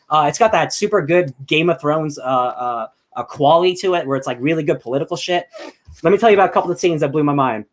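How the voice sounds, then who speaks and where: A young man hosting a podcast, chatting casually in an excitable, rambling way with bursts of loud enthusiasm. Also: a little high, a little hiss or hum. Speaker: podcast host. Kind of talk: casual chat.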